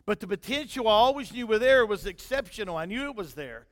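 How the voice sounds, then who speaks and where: A middle-aged man, preaching a sermon in a folksy storytelling way, his loudness rising and falling. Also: sits high, lively intonation, a little fast. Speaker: pastor. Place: church sanctuary. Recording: long hall reverb.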